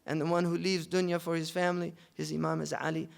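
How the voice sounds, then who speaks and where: A man teaching a class on logic, explaining in a loose, conversational way with fillers and restarts, and reciting Arabic text quickly. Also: a little high, steady tone, vocal fry.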